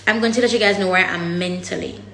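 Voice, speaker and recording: A woman's voice: lowish voice, steady tone, fast, pushed and bright, echoey room, slight background noise. A woman speaking candidly to her viewers in a vlog, blunt and raw, swearing freely and heavy with her words. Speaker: vlogger. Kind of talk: candid personal vlog talk.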